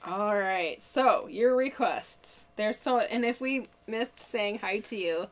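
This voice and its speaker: A woman's voice: medium pitch, takes it slowly. Giggly woman co-hosting a livestream. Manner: giggly, reads comments aloud. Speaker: co-host reading comments. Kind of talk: casual livestream chat.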